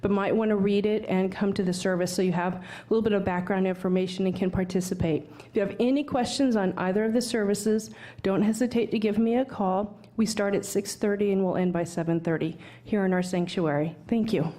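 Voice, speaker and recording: Woman minister, warm mellow voice, calm friendly announcements, church sanctuary. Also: medium pitch. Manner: calm and friendly, with small pauses.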